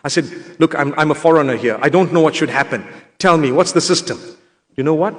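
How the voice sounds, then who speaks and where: A middle-aged man, an Islamic preacher, telling a personal story in a sermon with animated humor. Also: on the high side, fast talker. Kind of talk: sermon told as a personal anecdote. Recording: long reverb of a lecture hall.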